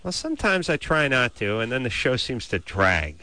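A man hosting a call-in radio show from a studio, nasal and wordy, arguing his points in a deadpan way. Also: medium pitch, moderate pace. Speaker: radio host. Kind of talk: late-night call-in radio banter. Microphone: studio mic.

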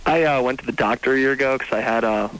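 A young man of nineteen calling a radio show, speaking haltingly with frequent pauses. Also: medium pitch, a bit bright, rough recording. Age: young adult. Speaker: caller. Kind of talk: phone-in conversation.

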